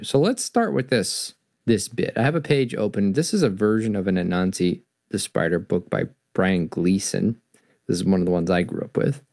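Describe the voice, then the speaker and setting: A man's voice: fairly low pitch, creaky. A man hosting a storytelling lecture, reading a story aloud and musing on its meaning with frequent restarts. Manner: animated, musing, full of restarts. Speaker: host.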